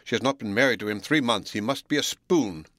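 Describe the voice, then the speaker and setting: Man voicing a brusque sarcastic gentleman, gruff and blunt, low voice, dry close sound. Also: a little fast, no room sound, close to an everyday voice. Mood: scornful.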